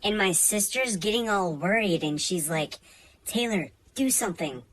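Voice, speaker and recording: A woman doing a comic storytime monologue, animated, swinging between loud bursts and soft asides. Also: mid-range voice, normal speed, low-quality recording. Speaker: comedian.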